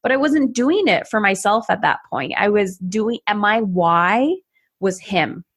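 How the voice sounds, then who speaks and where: A woman's voice: mid-range voice, a little slow, slightly rough. A woman in her thirties, a podcast guest telling her personal story in conversation and acting out what she and others said. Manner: animated, acts out her past self and others in quoted asides.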